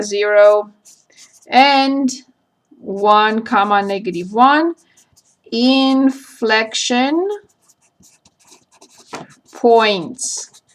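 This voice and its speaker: A woman math teacher giving a recorded calculus lecture, slowly spelling out each point and step as she works through a graph. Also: mid-range voice.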